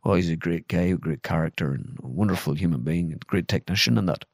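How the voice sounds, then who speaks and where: A man doing an impression of a smooth-talking middle-aged football manager who heaps on praise. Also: low-pitched, quick pace, no echo, studio quality, pitched below the performer's own voice. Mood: gushing. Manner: effusive, praising.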